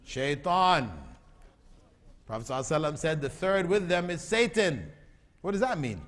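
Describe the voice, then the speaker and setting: A man's voice: fairly high pitch, very animated, fairly quick, a bit bright. A man giving a religious lecture to a live audience, often quizzing the listeners with repeated questions. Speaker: Islamic lecturer. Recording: long hall reverb.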